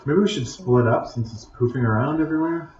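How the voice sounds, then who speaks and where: An eager, excitable man plays in a tabletop game, talking through his moves. The room sounds echoey. The audio is dull and lo-fi. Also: medium pitch, brisk. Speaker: player. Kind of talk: casual tabletop play.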